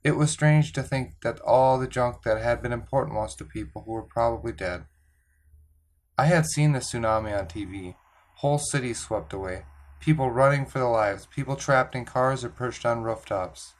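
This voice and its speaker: A man reads a chapter of a children's novel aloud, unhurried and even. His voice sits at an ordinary middle pitch, and he tells the story in a plain, measured way without theatrics. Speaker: audiobook reader. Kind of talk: scripted narration of a children's novel.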